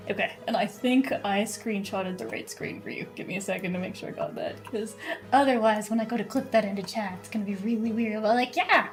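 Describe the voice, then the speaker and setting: A woman's voice: mid-range voice, darkish tone. A woman game streamer chatting casually with her viewers and teammate while she plays, bubbly and full of fillers and frequent laughter. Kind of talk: casual live-stream chat while gaming.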